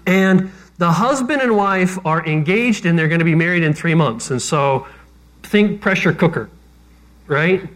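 A man's voice: high-pitched, lively intonation, unhurried, fairly bright tone. A man preaching a sermon as pastor, talking conversationally with self-deprecating jokes.

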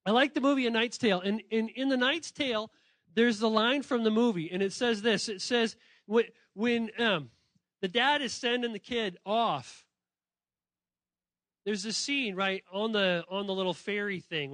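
A man with a notably high voice gives an animated sermon to children and students. He is playful, calls out to listeners directly and often corrects himself mid-sentence. The sound is dry and close, with no room echo. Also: normal speed. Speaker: pastor speaking to children and students. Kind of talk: lively sermon addressed to kids.

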